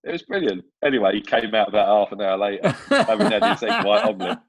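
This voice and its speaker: Man telling lively anecdotes. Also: lowish voice, quick pace, no echo. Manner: lively storyteller who acts out quoted voices. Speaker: film assistant director guest. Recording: dull, dry lo-fi audio.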